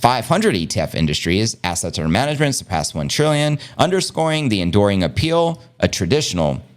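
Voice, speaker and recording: A man with a somewhat low voice hosts a live crypto news stream. He reads headlines, then breaks into hyped shout-outs, calling his viewers family and thanking them by name. He talks in an energetic, casual way. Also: a little fast. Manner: hype, calls viewers family, shouts out members. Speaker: crypto news livestream host.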